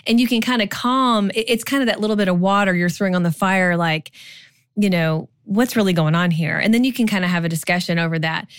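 A woman in her forties co-hosts a podcast, offering casual marriage advice in a chatty style packed with "like" and "you know". Her voice sits on the low side and she talks fast, with a clean tone captured in studio quality with no room sound.

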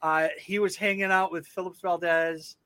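Here the young man's voice sits high, with a level, sharp tone and a moderate pace. Hosting his podcast, he rambles through stories, swearing a lot and leaning on filler words.

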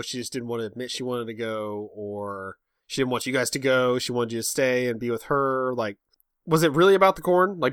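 A man's voice: mid-range voice, fairly bright tone, no room sound, studio quality. A man chatting casually with a friend, reacting to his story with jokes and questions. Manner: playful, joking reactions. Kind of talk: casual chat.

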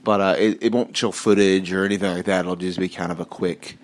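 A man co-hosting a casual wrestling podcast, his voice sitting a little low. He rambles as he talks, backing up and restarting his sentences. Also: steady tone, a little fast. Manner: rambling, lots of restarts and fillers. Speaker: podcast co-host.

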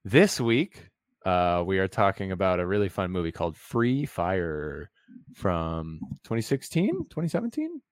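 A man with a low voice that swings widely in pitch, chatting casually as a movie podcast co-host. He sounds relaxed and animated, recorded close and dry with no room sound. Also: unhurried, no room sound. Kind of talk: casual chat.

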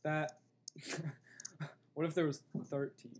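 A man's voice: a little high, level tone, extremely slow, a crowd in the background. A young man with a Buffalo, New York accent, co-hosting a podcast in casual chat, hesitant with frequent restarts and easy laughter. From Buffalo, New York area. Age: young adult. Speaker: podcast co-host.

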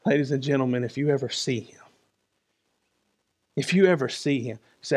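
A man's voice: fairly high pitch, normal speed, long pauses. Man preaching with rising and falling force. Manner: emphatic, swings between loud and soft; conversational, often asks "right?". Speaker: pastor. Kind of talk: sermon.

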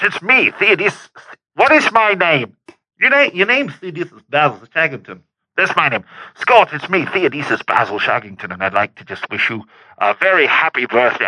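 A man putting on a pompous old-fashioned gentleman for a birthday voicemail, heard over a phone line. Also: a little high, dry recording, exaggerated voice. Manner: theatrical, plays two characters. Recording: tinny dry phone voicemail.

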